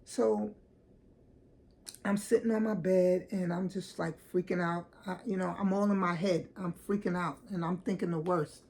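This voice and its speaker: A woman's voice: lowish voice, fairly even intonation, normal speed, vocal fry, darkish tone. A woman telling a personal story for her vlog in a candid, emphatic way, restarting and swearing as she goes. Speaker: vlogger.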